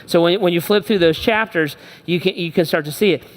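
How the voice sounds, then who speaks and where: A pastor with a high-sitting voice preaches a sermon at a fairly quick pace, conversational yet emphatic, repeating phrases for weight. He is in a church auditorium, and the recording carries the echo of the hall.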